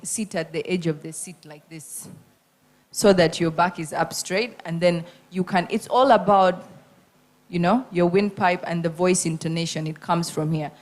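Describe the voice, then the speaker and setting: An animated woman gives feedback as a judge at a radio contest. Her voice sits a little low, and she leans hard on her main points and repeats them. She speaks like an experienced radio host coaching newcomers. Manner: animated, emphatic, repeats key points, acts out examples.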